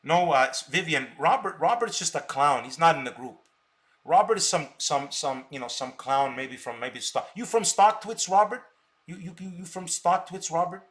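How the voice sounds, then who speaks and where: A man with a somewhat high voice rants to his live stream viewers. He sounds combative, and he stammers by repeating words over and over as he pushes his points. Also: normal speed, a bit bright. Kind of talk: unscripted live stream talk.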